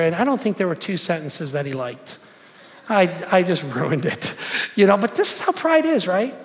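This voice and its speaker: Man, forties, pastor, chatty storytelling sermon, high voice, echoey hall. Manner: conversational, storytelling, asks the crowd questions.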